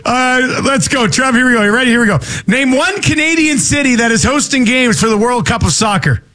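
A male radio host with a high voice and a bright, forceful tone. He runs casual on-air banter in an upbeat, joking way, laughing often. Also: animated, brisk, a little hiss or hum. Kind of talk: casual radio chat and quiz.

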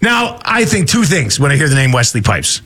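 Bright, high-voiced male radio host. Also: very animated, moderate pace, breathy edge. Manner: laughing, upbeat, teasing. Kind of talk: casual radio chat and quiz.

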